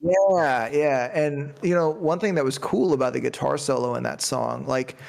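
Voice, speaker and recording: Male panelist, casual music chat; excitable, rambly, filler-heavy, a gravelly edge. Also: mid-range voice, normal speed. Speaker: podcast panelist.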